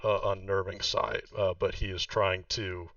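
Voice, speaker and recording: A man running a tabletop game, rambling through his narration with frequent fillers. His lowish voice sounds bright yet distant and muffled, in a dry space. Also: flat delivery, a little slow, creaky, no echo. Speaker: game master.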